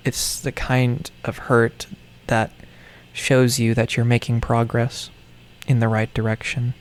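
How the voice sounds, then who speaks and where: A man with an ordinary mid-range voice talks in a meandering vlog monologue. He jokes in a mock-villain way, repeats words, and drops into quiet mumbles. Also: medium pitch, monotone, takes it slowly. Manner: playfully menacing, meandering, self-mocking villain talk. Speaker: toy vlogger.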